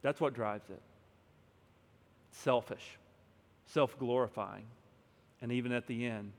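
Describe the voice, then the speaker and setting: A man preaching a sermon and reading scripture aloud, moving between hushed stretches and loud, emphatic ones. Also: mid-range voice, fairly even intonation, unhurried, vocal fry, long pauses. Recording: long hall reverb.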